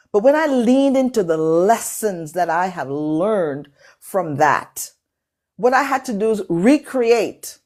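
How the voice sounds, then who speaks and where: With a fairly high, slightly mellow voice, this middle-aged woman hosts a motivational talk over a live call. She speaks English with a non-native accent and leans into emphatic, preacherly repetition as a motivational speaker and workshop host.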